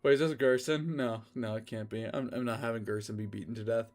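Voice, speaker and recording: A man's voice: medium pitch, fairly even intonation, fast, darkish tone. A man reading fanfiction aloud in a casual comedic way, breaking off to swear and laugh at the writing. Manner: swearing, laughing asides, self-interrupting. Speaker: fanfiction reader.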